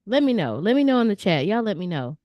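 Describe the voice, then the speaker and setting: A woman's voice: mid-range voice, big pitch swings, quick pace, dry recording, lo-fi sound. A woman hosting a live stream, chatting casually and playfully with her viewers in a slangy, direct way. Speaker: livestream host reviewing viewer artwork. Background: faint background music.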